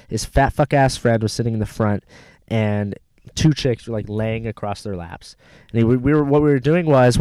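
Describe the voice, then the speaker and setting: A man spins a rambling, profane story in a casual chat, slipping into quick retellings of who said what. His voice sits at an ordinary middle pitch, and the sound is close and dry with no room echo. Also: clean tone. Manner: rambling, heavy swearing, animated retelling. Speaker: rideshare driver telling a story.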